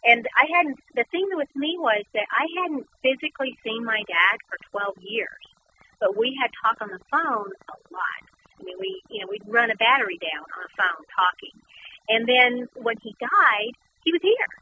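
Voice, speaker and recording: A woman guest and author telling a personal story in conversation, animated and repeating words as she goes. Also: fairly high pitch, normal speed. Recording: noisy background.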